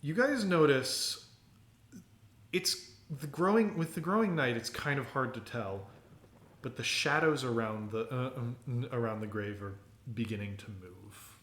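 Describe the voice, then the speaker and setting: A man's voice: mid-range voice, measured pace, a bit bright, echoey room. A man narrating as game master for a tabletop game, casual and full of fillers.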